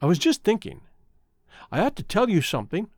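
A man's voice: sits high, sing-song, a little fast, darkish tone, husky, no echo, studio quality, full character voice. A man reading the lines of a remorseful young woman, a former chorus singer, with an earnest, confessional manner.

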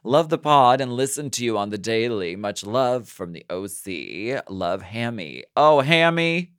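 A man co-hosting a podcast in casual chat, bantering and animated, loud one moment and muttering the next. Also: fairly low pitch, a little slow, smooth, no echo, studio quality. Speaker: podcast co-host. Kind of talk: casual chat, reading listener emails.

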